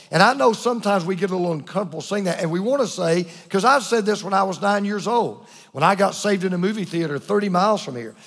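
Preacher, man, slightly high-pitched, earnest and repetitive, hushed emphasis, long church reverb. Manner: earnest, repeats phrases for emphasis, drops to a hush on key words. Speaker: pastor. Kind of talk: sermon.

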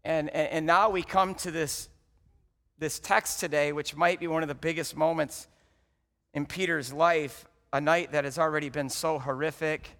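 A man with a high voice preaches in a church sanctuary. He tells the story dramatically, rising loud and dropping to a hush. His voice trails off in a long hall reverb. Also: steady tone, moderate pace. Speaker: pastor. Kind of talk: sermon.

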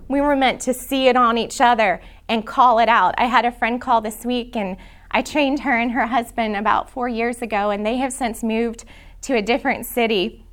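Woman, middle-aged, prayer class teacher, earnest, emotional, slightly high voice, soft whispered asides. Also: steady tone, moderate pace.

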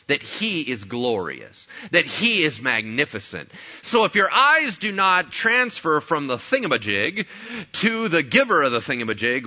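A man's voice: a little high, sharp tone, highs cut off. A man preaching a sermon as pastor, conversational, with rhetorical questions and playful asides.

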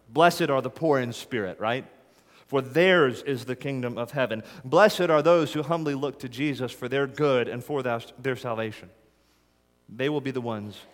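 A man preaching a sermon as a pastor, earnest and steady, often dropping to a hush on key lines. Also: mid-range voice. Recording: reverberant hall.

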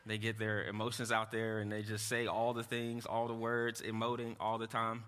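A man preaching a sermon to his congregation in an earnest, halting way, often restarting and turning to the room with asides. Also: fairly low pitch, monotone, a bit bright. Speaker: pastor. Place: church hall. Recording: echoey hall.

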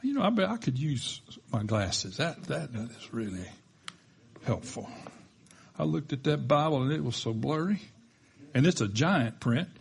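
A man preaching a sermon as a pastor, telling the story with animated delivery and acting out the quoted lines. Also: medium pitch, moderate pace, creaky, long pauses, slightly rough.

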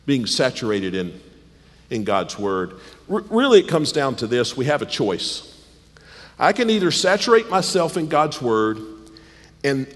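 A slightly hoarse man preaching a sermon, rising to high, emphatic stresses and dropping low and quiet. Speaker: pastor. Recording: long hall reverb.

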